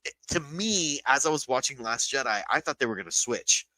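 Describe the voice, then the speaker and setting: Man, podcast co-host, casual chat, bright voice, dry sound, animated, swearing. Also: medium pitch, brisk, dry recording, poor audio. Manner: animated, swearing, acts out quotes.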